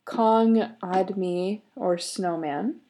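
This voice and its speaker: Giggly podcast co-host, woman, gravelly and mellow, telling a story. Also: mid-range voice, drawn-out words. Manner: giggly, with frequent fillers and laughs. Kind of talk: casual chat and story retelling.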